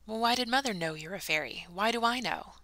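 A woman's voice: medium pitch, expressive, pushed and bright, voice pushed up. A woman voicing a curious young girl who fires off eager questions. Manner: eager rapid-fire questions.

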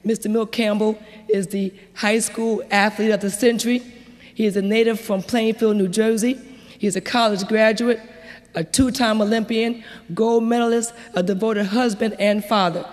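A man's voice: high voice, fairly even intonation, moderate pace. A man formally introducing an honoree at a ceremony in a large hall, building up to the name. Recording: echoey hall.

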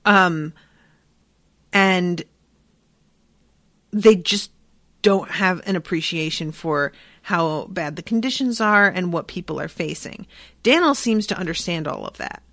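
A woman's voice: on the low side, a little slow, long pauses, fairly bright tone, no room sound. A woman hosting a book podcast, talking casually and frankly with swearing, and reading passages aloud. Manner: frank, profane, conversational with fillers. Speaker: podcast host.

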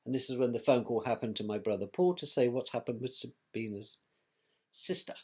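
A man's voice: mid-range voice, a little fast, darkish tone, slightly rough. A man recounting events about his brother, in a scornful, colloquial storytelling manner. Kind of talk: personal storytelling.

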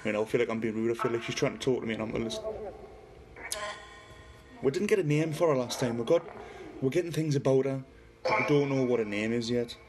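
On his paranormal livestream, this middle-aged Newcastle man with a Geordie accent talks fast at medium pitch amid background noise. Casual and chatty, he goes through viewer comments and speaks to a spirit box; he's from northeast England.

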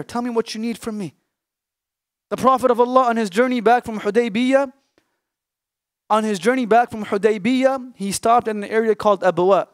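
A young man, an Islamic scholar, preaching an emotional sermon, emphatic with hushed pauses. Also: high-pitched, dry recording, clean studio sound. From Canada. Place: mosque or lecture hall.

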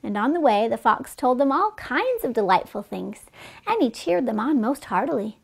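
A woman reading fables aloud to children as a storyteller, with gentle, chatty asides to her listeners. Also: fairly high pitch, big pitch swings, moderate pace, gravelly, slightly rough.

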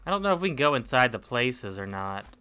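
A man playing through a game while commenting, chatty and excitable, yelping and laughing when things surprise him. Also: medium pitch, fast, smooth. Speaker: gamer. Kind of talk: let's play commentary.

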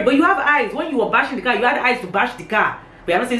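A young woman telling a casual story on camera, acting out every quote with big jumps in her voice. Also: fast. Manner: animated, acts out quotes with big pitch jumps. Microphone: camera on a tripod. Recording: echoey room with faint background hum.

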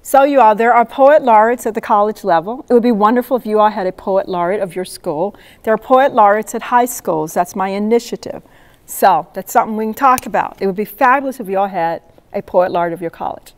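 A woman in her seventies, a poet laureate, telling a lively story to an audience and acting out the voices of the people in it. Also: mid-range voice, brisk. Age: 70s. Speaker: poet laureate giving a talk. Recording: long reverb of a hall.

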